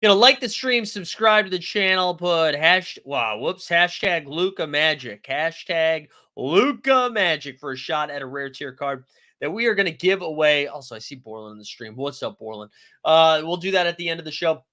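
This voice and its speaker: A man's voice: a little high, animated, normal speed, pushed and bright. A man hosting a fantasy basketball livestream, chatting loosely and jokingly, greeting viewers by name from the comments. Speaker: fantasy sports livestream host. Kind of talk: casual livestream chat reading viewer comments.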